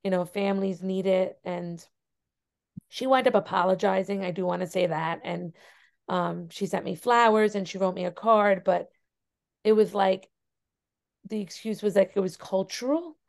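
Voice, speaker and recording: A woman's voice: mid-range voice, moderate pace, creaky, a little mellow. A young adult woman teacher, a podcast guest, telling a personal story earnestly with many fillers. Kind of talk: casual interview conversation.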